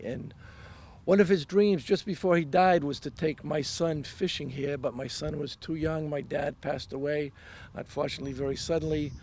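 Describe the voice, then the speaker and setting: Older man, gravelly voice, fairly high, faint outdoor noise, emotional public speech. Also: darkish tone. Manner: heartfelt, halting with fillers. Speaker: dedication speaker. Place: outdoors at a pond.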